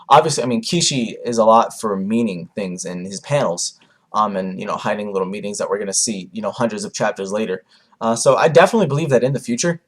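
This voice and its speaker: A young man giving a casual, rambling manga review, with lots of fillers and animated asides. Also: lowish voice. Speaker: anime reviewer.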